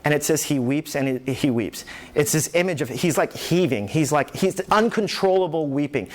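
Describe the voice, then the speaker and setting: A man preaching a sermon as pastor, animated, acting out the voices in the scripture he tells. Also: a little high, normal speed, hardly any pauses. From New York.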